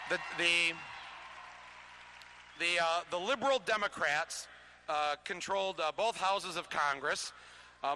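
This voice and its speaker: A man speaks to a live audience in a high, sharp voice with a gravelly edge. He keeps the talk loose and conversational, trips over his words and chuckles between points. He is amplified through a stage microphone. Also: slight background noise. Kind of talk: live political talk with comic asides. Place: public lecture venue before an audience.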